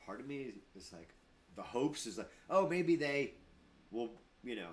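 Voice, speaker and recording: A man's voice: on the low side, animated, moderate pace, a little mellow. A middle-aged man, a martial arts instructor and gym owner, chatting casually on a podcast and acting out quoted voices with emphasis.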